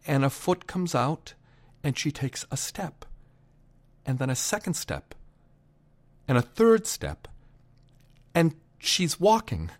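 A man telling a personal family story to listeners, unhurried, pausing for effect, and raising his voice for quoted shouts. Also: fairly high pitch. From Boston area.

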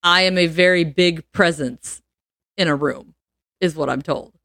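A young adult woman on a casual podcast, telling a story in an animated way and acting out what people said. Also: fairly low pitch, a little slow, no room sound, clean studio sound. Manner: animated, laughs often, acts out quotes. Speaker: podcast co-host.

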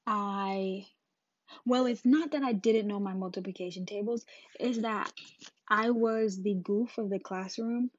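A woman hosts a podcast and tells a personal story in an animated, casual way, acting out the scenes as she goes. Her voice sits in a middle pitch. The recording is dull and dry. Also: a little slow, dry recording. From Jamaica. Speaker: podcast host.

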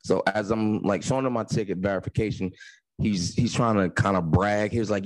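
A man, a podcast co-host, telling a story in casual chat, animated and laughing often. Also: on the low side, brisk, no echo, poor audio.

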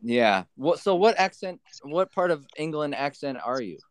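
A man's voice: fairly high pitch, big pitch swings, moderate pace, clean tone, no echo, poor audio. A man hosting a casual wrestling podcast, talking in a loose, rambling, hesitant way. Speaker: podcast host. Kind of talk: casual chat.

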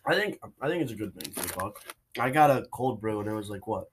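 A man's voice: lowish voice, lively intonation, fast talker, slight background noise. A young man co-hosting a casual podcast chat, laid-back and full of "dude" and "bro.". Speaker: podcast co-host.

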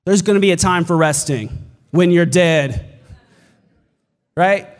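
A male pastor with a high voice delivers an emphatic sermon that climbs to shouted peaks. His words ring out with a long reverb, as from a large church hall. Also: slow pace. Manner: emphatic preaching, building to shouts.

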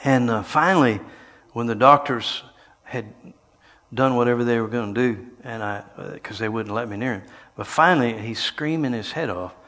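An older man preaching a sermon, telling stories and swinging between quiet passages and loud, shouted lines. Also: medium pitch, moderate pace. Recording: long hall reverb.

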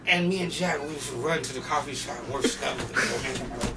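A man from North Portland, a podcast guest, telling casual stories in an animated, profane way and acting out other people's voices. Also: on the high side, a little fast, few pauses, over loud music. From North Portland, USA. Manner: animated, profane, laughing, acts out quoted voices. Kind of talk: casual storytelling. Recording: distant mic with steady background noise.

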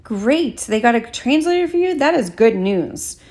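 A woman's voice: on the high side, sing-song, moderate pace, darkish tone, voice pushed up. A woman voicing a worried middle-aged father on the phone in an audiobook, asking anxious questions. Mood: concerned.

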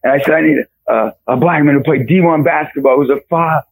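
A man guest on a radio show, giving a fervent faith testimony with raspy storytelling and bursts of shouting. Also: on the high side, fast, no echo, rough recording.

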